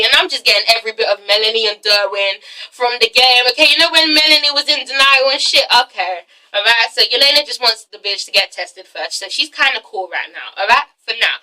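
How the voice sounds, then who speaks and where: A woman casually recapping a TV episode, animated and profane, often slipping into the characters' voices. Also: high-pitched, normal speed, far from the mic, low-quality recording. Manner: animated, profane, acts out characters' lines with laughter. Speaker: TV show reviewer.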